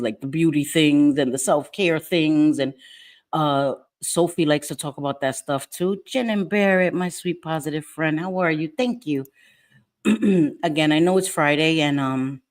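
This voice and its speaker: Chatty middle-aged woman livestreaming. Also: lowish voice. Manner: chatty, laughs often, drifts between topics, greets viewers by name. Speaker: livestream host. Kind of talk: casual livestream chat greeting viewers.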